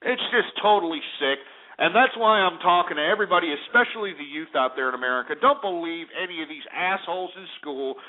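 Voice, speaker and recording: A male talk radio host delivering an abrasive, scornful rant full of restarts. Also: on the high side. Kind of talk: ranting talk radio monologue. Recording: narrow phone-like radio audio.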